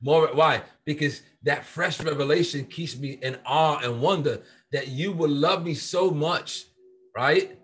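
A man in casual Bible-study conversation, reading scripture slowly and pressing his points with earnest repetition. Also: fairly high pitch, a bit bright, husky. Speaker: co-host of a faith discussion.

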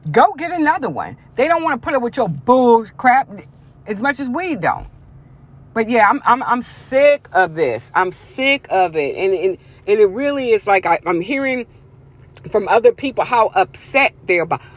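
A woman's voice: a little high, big pitch swings, normal speed. A woman delivering a blunt, profane personal rant, emphatic and repetitive, swearing freely as she vents.

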